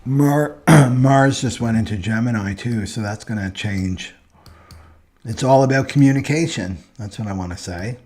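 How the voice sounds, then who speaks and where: A man's voice: mid-range voice, normal speed, darkish tone. A man hosting a casual livestream on astrology, talking loosely and ending many points with "right?".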